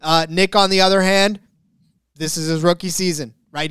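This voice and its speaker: A man's voice: sits high, fairly even intonation, moderate pace, a bit bright, clear, resonant tone, dry recording, studio quality. A man co-hosting a sports betting podcast in casual chat, rambling and joking, often restarting his sentences. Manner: rambling, self-correcting, jokey. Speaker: podcast co-host.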